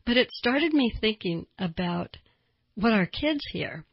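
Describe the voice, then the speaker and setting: Older lady radio therapist, husky-ish, dry lo-fi audio, talks like she's telling you a story. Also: fairly high pitch, animated, a little slow, dry recording. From American South. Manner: chatty, storytelling, laughs easily. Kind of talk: radio talk show monologue.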